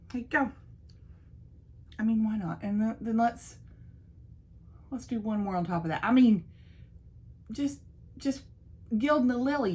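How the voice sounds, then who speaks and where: Chatty woman doing makeup. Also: fairly high pitch. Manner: playful, self-teasing, talks to viewers as y'all. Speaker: beauty vlogger.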